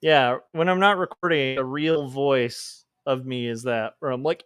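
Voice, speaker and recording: A man's voice: mid-range voice, fairly even intonation, measured pace, hardly any pauses, a bit bright, smooth, no echo, clean studio sound. A man livestreaming while he draws comics, chatting casually and reading out chat messages, with rambling asides and chuckles.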